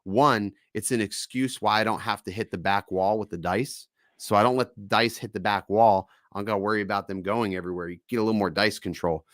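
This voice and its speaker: A man hosting a casual live-stream chat, telling stories in a loose, profane, animated way. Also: on the low side, fairly quick, no room sound, clean studio sound. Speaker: podcast host.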